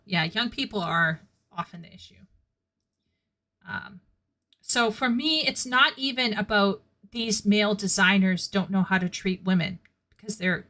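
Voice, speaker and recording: A woman's voice: medium pitch, fairly bright tone. A woman hosting a casual live stream and talking freely with her chat. Her voice sits in an ordinary middle range, and she is blunt and candid, often laughing at her own remarks.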